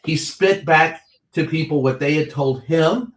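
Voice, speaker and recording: A man's voice: fairly high pitch, unhurried, reverberant. A veteran reporter, a man, talking politics bluntly and heatedly, swearing freely as he tells stories. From Kentucky. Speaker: veteran White House reporter, guest. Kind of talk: impassioned political talk.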